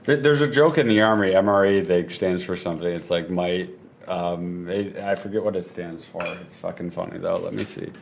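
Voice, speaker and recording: Deep-voiced man, laughing casual chat. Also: normal speed, gravelly, slight background noise. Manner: jokey, laughs often.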